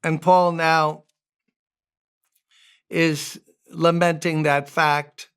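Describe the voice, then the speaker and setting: A man's voice: a little high, little pitch movement, drawn-out words, a bit bright, clean tone. A man, a pastor, giving a conversational devotional sermon, making joking asides and reading scripture aloud.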